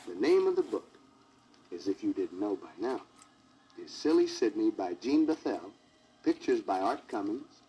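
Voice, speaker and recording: A man's voice: fairly low pitch, big pitch swings, moderate pace, warm tone, husky. A man narrating a children's storybook record, with jokey asides to the listener, on a crackly 1960s vinyl record.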